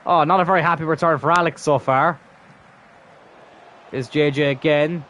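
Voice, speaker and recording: A young man commentating his own gameplay live, swearing constantly and swinging from exasperated outbursts to low muttering. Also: steady tone, moderate pace, long pauses, fairly bright tone, a little hiss or hum. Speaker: gaming channel host.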